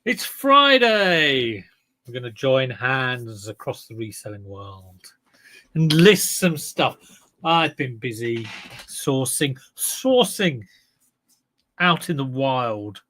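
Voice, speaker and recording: Lively chatty man. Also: mid-range voice, slow pace, slight background noise. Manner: chatty, self-mocking, breaks into song and talks while eating. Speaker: live-streaming clothes reseller. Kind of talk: casual live-stream chat.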